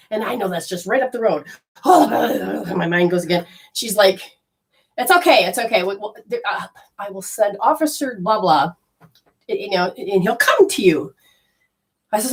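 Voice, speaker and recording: A woman telling a personal story in a casual, animated way, swearing freely and acting out her own panic. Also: fairly high pitch, fairly quick, breathy edge.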